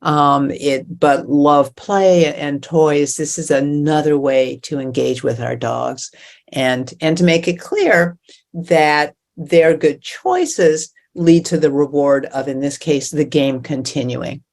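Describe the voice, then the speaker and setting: A woman dog trainer chatting in a relaxed, thoughtful way with occasional fillers. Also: low voice, takes it slowly. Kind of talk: casual webinar chat.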